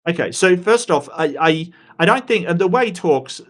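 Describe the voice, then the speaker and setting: A man's voice: sits high, expressive, normal speed, a bit bright. A man giving casual commentary on video clips, rambling and often stammering as he restarts his sentences. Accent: non-American.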